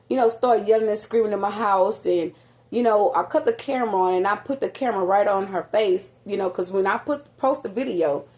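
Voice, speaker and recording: A woman talks straight to her viewers, recounting events at home in a loose, rambling way. She is animated and fills her pauses with little fillers. Her voice carries a slight echo from a nearly empty apartment. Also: medium pitch. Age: adult with a grown son. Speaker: vlogger. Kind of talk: casual storytelling to viewers.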